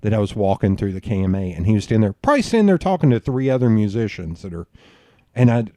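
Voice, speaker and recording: A man hosting a podcast, telling rambling stories in a loose, profane, animated way. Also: on the low side, fast, dry recording, clean studio sound. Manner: animated, profane, rambling storyteller who bursts into laughs. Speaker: podcast host. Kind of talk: casual storytelling chat.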